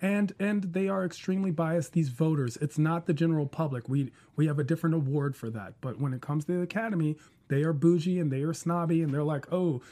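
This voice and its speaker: A man's voice: a little high, fast, warm tone. A man on a casual panel discussion, giving opinionated arguments point by point. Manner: opinionated, argues in numbered points.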